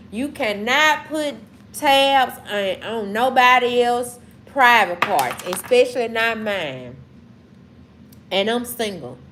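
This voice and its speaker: Slow-drawling Southern woman streamer. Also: medium pitch, fairly bright tone, a little hiss or hum. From Mississippi. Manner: slow, drawling, talks back to chat. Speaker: livestream host. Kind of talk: casual livestream chat reading comments.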